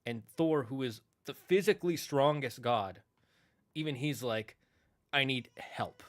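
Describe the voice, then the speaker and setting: A man with a mid-range voice chats casually while streaming, telling old myth stories at a measured pace in a rambling, self-correcting way. There's no room sound.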